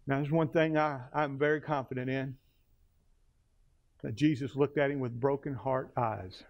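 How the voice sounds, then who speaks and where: A male pastor preaching a sermon, retelling scripture with dramatic pauses and slowing for emphasis. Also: mid-range voice, fairly even intonation, lo-fi sound.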